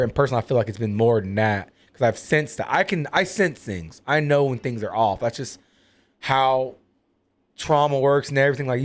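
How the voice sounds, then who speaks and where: A man talking openly as a podcast guest, rambling and full of fillers. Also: medium pitch. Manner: rambling, filler-heavy, candid. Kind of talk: casual personal talk.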